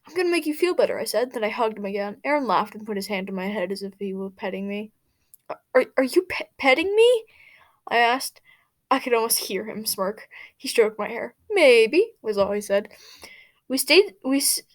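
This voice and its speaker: A woman's voice: fairly high pitch, lively intonation, normal speed. A woman reading fan fiction aloud, stumbling over words and stopping for her own asides. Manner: stumbling, restarting, laughing asides. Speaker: fanfic reader.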